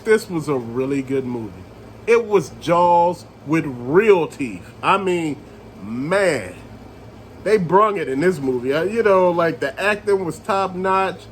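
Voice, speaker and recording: A man reviewing a movie in a casual rant, retelling scenes with animated storytelling and calling his viewers family. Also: on the high side, slow, a little hiss or hum, poor audio.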